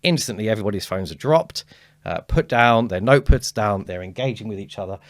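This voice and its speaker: A man, a speaking coach talking as a guest in a casual podcast conversation, animated and acting out quotes. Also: fairly low pitch, fairly quick, no echo. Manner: animated storyteller, acts out quotes.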